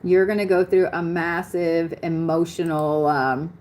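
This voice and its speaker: A woman's voice: fairly low pitch, little pitch movement, unhurried, darkish tone. A young adult woman doing a live astrology reading, talking bluntly, swearing and laughing often as she speaks. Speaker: astrology reader. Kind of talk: live-stream chart reading.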